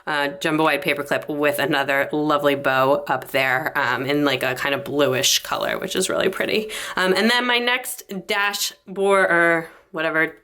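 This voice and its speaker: A woman's voice: low-pitched, moderate pace, hardly any pauses, pushed and bright. A young adult woman chatting through her planner in a bubbly, rambling way, slightly out of breath. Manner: bubbly, rambling, lots of fillers. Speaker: planner vlogger.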